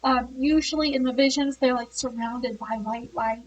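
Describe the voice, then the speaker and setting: A woman voicing a kind, patient female witch teacher who gently explains things. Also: on the high side, fairly even intonation, normal speed, a little hiss or hum, close to an everyday voice, rough recording. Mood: explaining.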